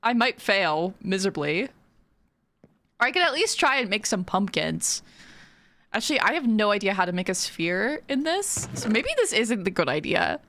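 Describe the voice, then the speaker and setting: Brief: chatty woman game streamer, lively swooping delivery, giggles often, talks straight to chat. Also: medium pitch, moderate pace. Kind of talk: casual livestream chat while playing.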